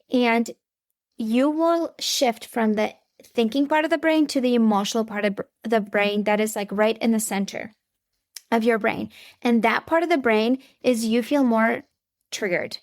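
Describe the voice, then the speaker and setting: A woman in her thirties with a somewhat high voice hosts a faith-based parenting podcast. She talks earnestly and conversationally, speaking straight to her listeners. The recording is close and dry. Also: no echo. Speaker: podcast host.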